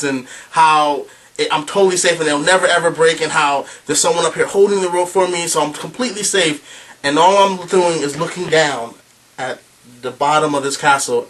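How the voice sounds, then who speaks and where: A young man giving a youth club talk, telling a story in an animated, chatty way with lots of fillers. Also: fairly high pitch. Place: club meeting room with a group of youth. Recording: voice from a distance.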